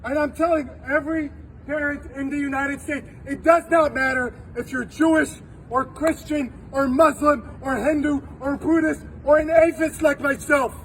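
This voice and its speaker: Male, 40s, very high voice, slow fiery protest speech, shouting and choking up, distant mic with faint traffic. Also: fairly even intonation, some chatter behind. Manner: emotional, shouting, voice breaking with tears. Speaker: university employee giving a protest speech.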